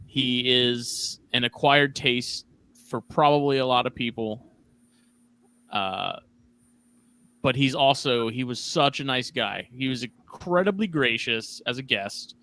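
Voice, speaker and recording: A man's voice: medium pitch, takes it slowly, pushed and bright. A man hosting a podcast in casual chat, telling stories animatedly and acting out his own past remarks. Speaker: podcast host.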